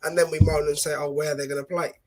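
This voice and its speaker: A man appearing as a guest fan pundit on a football podcast, arguing passionately and rapidly in casual debate. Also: fairly high pitch, flat delivery, faint music behind.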